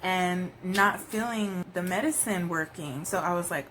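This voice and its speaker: A woman's voice: mid-range voice, normal speed, hardly any pauses, a bit bright, slight background noise, rough recording. A woman telling her birth story in a casual vlog, candid and profane, acting out her own reactions. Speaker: new mother, vlogger.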